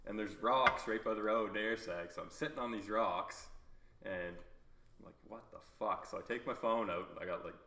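A man's voice: on the low side, normal speed, bright, forceful tone. Young man, rambling laughing storyteller, lots of swearing, echoey noisy room. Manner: rambling, laughing, heavy swearing, quotes himself. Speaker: podcast guest. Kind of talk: casual storytelling. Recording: echoey room, background noise.

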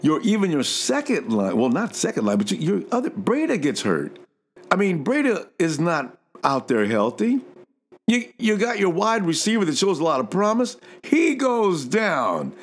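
A man hosting a casual sports talk show, talking excitedly and swinging between low and high pitch. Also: normal speed.

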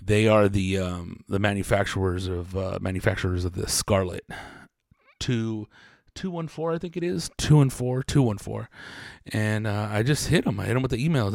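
A man in his forties hosts his podcast in a loose, rambling way, swearing easily as he drifts from one story to the next. His voice sits low and has a gravelly edge. The sound is dry and close, with no room echo. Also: normal speed. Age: 40s. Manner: rambling, profane, laid-back storytelling. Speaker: podcast host. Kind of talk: casual podcast chat.

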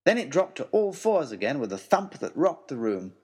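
A man narrating a children's adventure story in a dramatic, expressive storytelling manner. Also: fairly high pitch, moderate pace, slightly rough.

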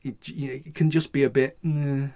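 A man chats casually as a podcast co-host. He rambles and restarts his sentences, filling gaps with "you know" and "I mean," in a voice of middling pitch. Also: flat delivery, fast, a little mellow. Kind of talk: casual chat.

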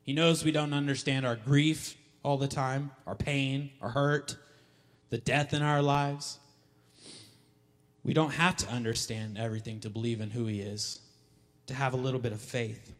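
A male pastor preaching a sermon emphatically, repeating key lines and building to loud calls. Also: medium pitch, steady tone, normal speed. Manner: emphatic, repeats lines for effect, rising to shouts. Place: church hall. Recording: long hall reverb.

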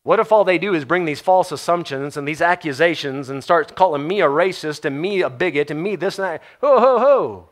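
A man delivers a sermon with animated storytelling. He acts out the quotes and laughs often. His voice sits a little high for a man. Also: brisk, few pauses. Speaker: preacher.

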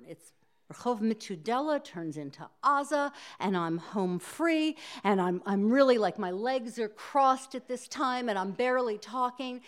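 Slow-talking woman telling a story live. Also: fairly high pitch. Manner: halting, self-interrupting, laughing through the telling. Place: small hall before a live audience.

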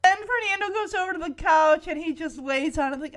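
A woman host retells a sitcom episode in a casual, giggly way. Her voice sits high, and she slips into the characters' lines as she talks. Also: brisk, a bit bright. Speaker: podcast host.

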